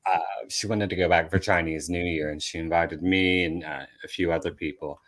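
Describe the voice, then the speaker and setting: A man, a comedian guest on a podcast, telling a story in an animated way that builds to loud bursts. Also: sits low, brisk.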